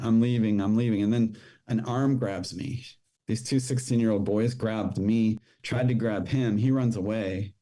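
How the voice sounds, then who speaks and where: A man's voice: lowish voice, dark tone. A middle-aged man, a podcast guest, telling his own childhood story with emotion and quoting the people in it. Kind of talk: personal storytelling.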